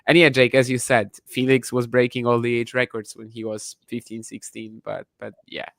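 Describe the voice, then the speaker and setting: A man's voice: mid-range voice, level tone, normal speed, creaky, a bit bright, no echo. A man co-hosting a podcast, chatting casually and thinking aloud with frequent restarts. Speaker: podcast co-host. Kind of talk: casual chat.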